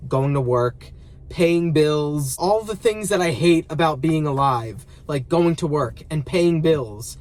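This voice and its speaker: A man's voice: a little high, animated, a little slow. Whiny, dramatic man venting. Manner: dramatic, mock-complaining, exaggerated. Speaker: vlogger. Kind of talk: casual vlog monologue. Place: parked car.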